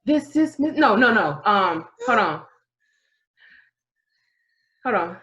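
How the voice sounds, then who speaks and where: Very animated yet slow-paced, this woman co-hosts a podcast in casual chat, giving lengthy explanations and singing bits of songs. Her mid-range voice is a bit bright, and the sound is lo-fi.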